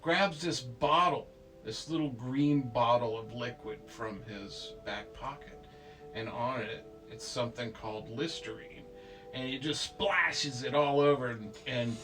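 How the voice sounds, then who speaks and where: A man's voice: mid-range voice, a little slow. A man telling a child an improvised bedtime story, playful and rambling, with silly sound effects. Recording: distant mic with faint music.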